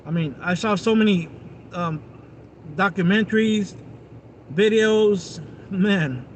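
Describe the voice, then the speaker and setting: A man with a notably high voice rambles through a casual livestream, talking straight to his viewers. He is outdoors, and faint vehicle noise hums in the background. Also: takes it slowly. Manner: rambling, chatty, addresses viewers directly. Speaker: live streamer.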